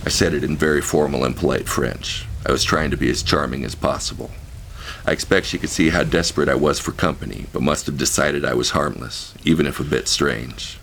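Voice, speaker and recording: A man reads his memoir as an audiobook, frank and vivid, with crude language. His voice is extremely deep and gravelly. A faint hiss of noise sits behind him. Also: brisk, a bit bright. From United States. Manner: frank, profane, vivid storytelling. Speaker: author-narrator.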